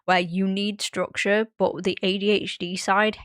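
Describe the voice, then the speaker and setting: A woman's voice: medium pitch, unhurried, clear, resonant tone, dry recording. Girl co-host, rambly storyteller, lots of likes and ums, dry close sound. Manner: rambling, animated storyteller, frequent fillers. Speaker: podcast co-host. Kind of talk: casual podcast chat.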